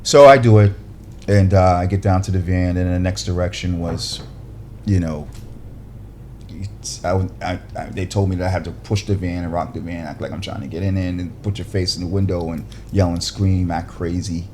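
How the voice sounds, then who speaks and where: A man with a fairly low voice tells a story as a podcast guest, lively and animated. He jumps up in pitch to act out the people in his anecdote. A faint hiss sits under the recording. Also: moderate pace. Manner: lively, acts out other people's lines with big pitch jumps. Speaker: podcast guest, actor and director.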